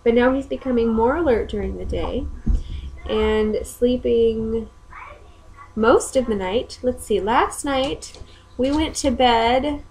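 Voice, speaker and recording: A young mother chats casually from home, rambling along with plenty of ums. Her voice sits slightly high for a woman. A faint hiss stays in the background. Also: slow, darkish tone, low-quality recording. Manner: chatty and rambling, with many "um"s. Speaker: mother and vlogger. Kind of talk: casual chat.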